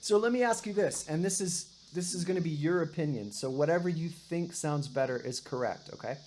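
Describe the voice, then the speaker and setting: There's slight background noise as a woman with a low, warm voice speaks fairly quickly during a private guitar and singing lesson. Patient throughout, she checks understanding with lots of "right?" and sings quick demos.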